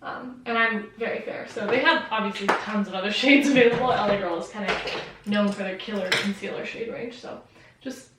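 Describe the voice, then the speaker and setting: A woman's voice: medium pitch, brisk, heavy background noise. A young woman chatting casually about a makeup product, with fillers along the way. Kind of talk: casual chat. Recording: very echoey room, distant mic.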